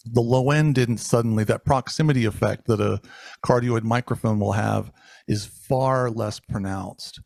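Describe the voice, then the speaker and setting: Man, audio instructor on a live stream, gravelly texture, dry sound, casual rambling delivery. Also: medium pitch, unhurried, darkish tone, no echo. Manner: casual, rambling with restarts and fillers. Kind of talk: live-streamed technical demonstration. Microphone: handheld dynamic mic moved near and far.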